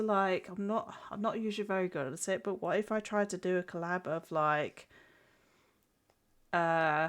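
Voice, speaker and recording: A young woman streaming while she draws. She has a stuffy nose from a cold and chats casually with viewers, giggling often and restarting her sentences. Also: on the low side. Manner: chatty, giggly, answers chat, frequent restarts. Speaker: streamer and artist. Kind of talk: casual live-stream chat while drawing.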